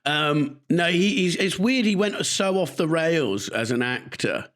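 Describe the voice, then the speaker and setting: A man's voice: a little high, animated, a little slow, fairly bright tone. Chatty man telling rambling stories. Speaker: podcast co-host. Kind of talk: casual chat. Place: remote recording.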